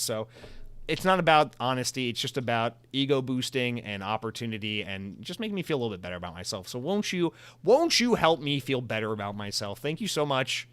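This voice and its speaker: A man's voice: medium pitch, lively intonation, brisk, a bit bright, clear, resonant tone, dry recording. A young man hosting a solo podcast, talking casually in a sarcastic, rambling, self-mocking way. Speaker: podcast host.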